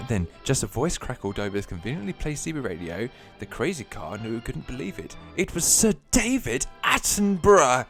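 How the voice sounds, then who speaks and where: A man's voice: medium pitch, very animated, fairly quick, hardly any pauses, fairly bright tone, soft background music. A man hosting a radio show, reading a silly story aloud and breaking off into laughter. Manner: giggly, self-interrupting, breaks off into laughter. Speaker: radio host.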